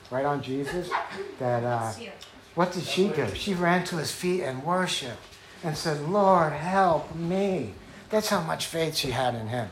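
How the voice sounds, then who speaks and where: A man preaching in an earnest, chatty way, with a voice a little higher than most men's. He acts out the lines he quotes and lets his voice sink soft and low on the words that matter. A faint hiss sits under the recording. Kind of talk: sermon.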